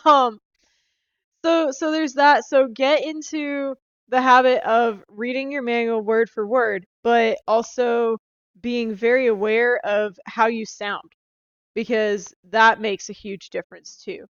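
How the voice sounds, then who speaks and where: A woman's voice: on the high side, steady tone, measured pace, smooth, no echo, muffled recording. Chatty young woman on a phone. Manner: chatty, filler-heavy, upbeat. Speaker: sales rep. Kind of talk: casual vlog recap. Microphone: handheld phone.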